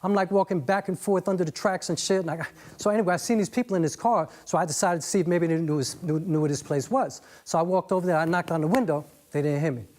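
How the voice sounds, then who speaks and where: A man's voice: high voice, fast, darkish tone, lightly acted. A man doing a laid-back rambling vet. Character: young army veteran, wry, rambling storyteller. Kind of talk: spoken-word monologue.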